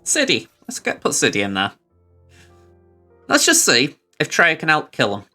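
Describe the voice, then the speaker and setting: A man's voice: fairly high pitch, wildly swooping pitch, normal speed, sharp tone, faint music behind. A man streaming a video game, chatting casually about his moves and poking fun at himself. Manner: rambling, self-deprecating, chuckling. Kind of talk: casual gameplay commentary.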